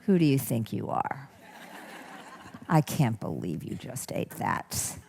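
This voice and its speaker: A woman voicing a mean, scolding inner critic. She makes it sneering and cutting, and pitches her voice well below her own for it. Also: very animated, takes it slowly, vocal fry, a little mellow, a faint crowd, slight background noise, exaggerated voice. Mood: contemptuous. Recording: long hall reverb.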